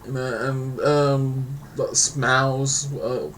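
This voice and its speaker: A man co-hosting a casual chat, explaining things hesitantly with many pauses and restarts. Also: medium pitch, fairly even intonation, a bit bright, slight background noise. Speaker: podcast co-host.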